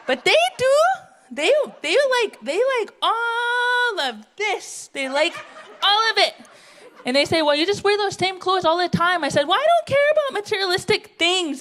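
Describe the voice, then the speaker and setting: High-voiced cranky auntie woman doing her on stage, live comedy bit, rambles, gets worked up, laughs at herself. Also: fairly bright tone. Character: brash, grumpy, chain-smoking middle-aged auntie. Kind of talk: live character comedy monologue. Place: theatre stage before a live audience.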